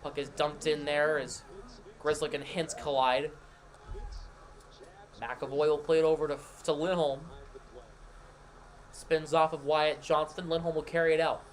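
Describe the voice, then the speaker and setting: Brief: male stream host, fairly high voice, quick running hockey play-by-play, close mic. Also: level tone. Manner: rapid, running call of each pass and shot, with asides to chat. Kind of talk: live hockey play-by-play over a scoreboard stream.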